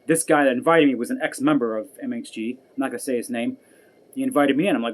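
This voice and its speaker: A man's voice: mid-range voice, racing. A man vlogging an angry personal rant, profane and heated, repeating himself as he goes. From United States.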